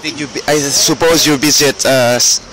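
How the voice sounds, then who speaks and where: A man interviewing people on the street, halting as he searches for words. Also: medium pitch, steady tone, crowd noise, poor audio. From Catalonia. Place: outdoors on a busy street. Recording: street traffic noise behind.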